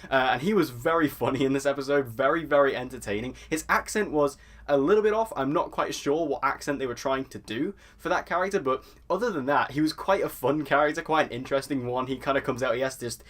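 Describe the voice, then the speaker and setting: A man's voice: medium pitch, fast talker, a bit bright. A man reviewing a TV episode in a casual, enthusiastic, chatty way, stacking up praise. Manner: enthusiastic and chatty, piles on "so" and "really". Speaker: TV review vlogger.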